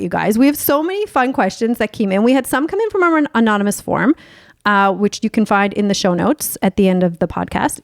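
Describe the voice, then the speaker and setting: A woman's voice: mid-range voice, darkish tone, dry recording, studio quality. A woman hosting a podcast as a sex coach, talking in a bubbly, playful and openly profane way. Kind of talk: candid podcast chat.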